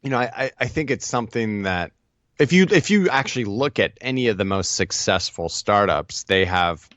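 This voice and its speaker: A man's voice: fairly low pitch, moderate pace, dry recording, muffled recording. A man telling stories with lots of energy as a guest in a casual podcast interview. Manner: energetic, animated storyteller. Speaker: podcast guest, ad agency partner.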